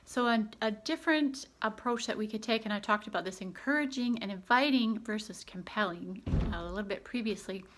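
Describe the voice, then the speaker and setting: A woman's voice: mid-range voice, brisk, few pauses, fairly bright tone, slight background noise. A woman in her thirties, a homeschooling mother, giving earnest, chatty parenting advice with frequent ums. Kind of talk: casual advice vlog.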